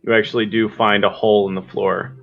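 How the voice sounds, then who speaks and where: A man narrating as game master in a tabletop game, laid-back and quick to laugh. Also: fairly low pitch, little pitch movement, vocal fry, narrow, tinny audio, faint music behind.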